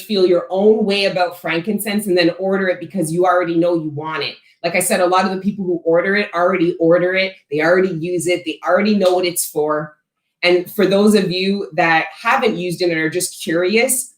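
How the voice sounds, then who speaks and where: A woman hosting a casual livestream, chatting bluntly with viewers and answering their questions, swearing freely and talking with animated emphasis. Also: on the low side, reverberant. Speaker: host selling frankincense to viewers.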